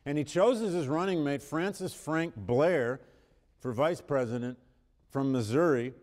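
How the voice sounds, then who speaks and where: A history professor lectures emphatically in a large hall, his voice on the high side, a little mellow, and measured in pace. He corrects himself as he goes, reads quotations with rising force, and coughs now and then, all in a reverberant room.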